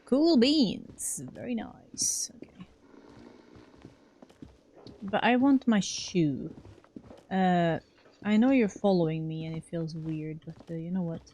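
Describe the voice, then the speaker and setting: A woman's voice: fairly low pitch, a little slow, dark tone, a little hiss or hum. A woman streaming a video game, chatting casually and thinking aloud as she reads out her choices. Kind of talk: casual let's-play commentary.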